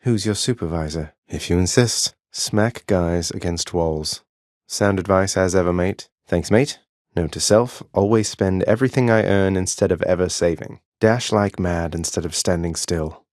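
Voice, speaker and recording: Zagreus, a man playing a deep-voiced underworld prince. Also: moderate pace, a little mellow, no echo, natural voice. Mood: teasing. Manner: polite and earnest, with dry teasing. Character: young male prince of the underworld, earnest and wry. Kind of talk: video game voice acting. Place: studio booth.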